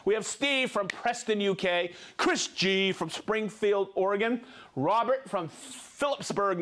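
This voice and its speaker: Upbeat high-voiced man reading shout-outs. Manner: upbeat, rattles off names and places, stumbles on pronunciations. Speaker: livestream host.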